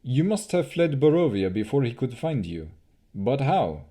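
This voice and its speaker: A man's voice: mid-range voice, sing-song, moderate pace, dark tone, voice pushed up. A man reading an audiobook, voicing a grave male elf leader who speaks solemnly and apologetically.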